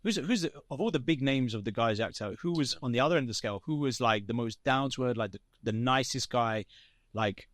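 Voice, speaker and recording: A man hosting an interview podcast, firing quick probing questions and blunt reactions. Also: medium pitch, a bit bright, dry recording, studio quality. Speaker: podcast host. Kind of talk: casual interview chat.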